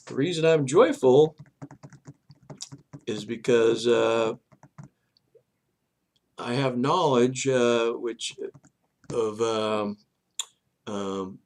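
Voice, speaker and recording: A man hosting his own show, giving a rambling, halting religious monologue, dropping soft low asides between loud emphatic bursts. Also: gravelly. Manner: rambling, halting, many restarts and fillers. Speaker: show host.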